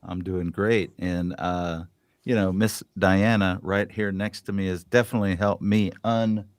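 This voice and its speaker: A man's voice: low voice, steady tone, unhurried, no echo. A man guest on a live stream, laid-back and laughing along, heard over a noisy video call line. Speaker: guest lawyer. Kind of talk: casual livestream chat.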